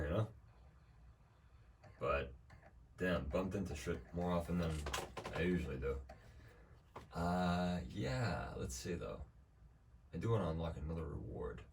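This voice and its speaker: A young man streaming a video game, talking in a loose, rambling way with dry jokes and plenty of swearing. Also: sits low. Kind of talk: casual gameplay commentary. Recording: distant mic with faint background noise.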